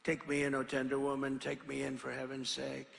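A man's voice: medium pitch, monotone, brisk, vocal fry, fairly bright tone. A man reciting a sly, vicious snake. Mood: pleading. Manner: sighing, then mocking and crude. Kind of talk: recited poem at a rally. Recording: reverberant large venue.

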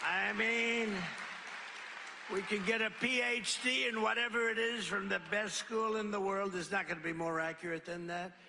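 A man giving a rambling rally speech, asking the crowd questions and shouting. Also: sits high, little pitch movement, moderate pace, vocal fry, background noise. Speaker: political speaker. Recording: reverberant large venue.

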